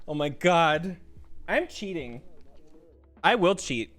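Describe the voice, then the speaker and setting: A man streaming a video game, swearing, yelling at the game and laughing in bursts of frantic protest. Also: fairly high pitch, sing-song, slow. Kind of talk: live-streamed gameplay commentary.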